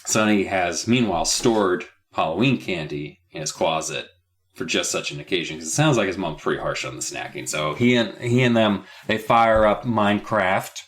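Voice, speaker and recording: A man's voice: deep voice, moderate pace, fairly bright tone. A man co-hosting a podcast, recapping a book in casual chat with a sarcastic, profane edge. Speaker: podcast co-host.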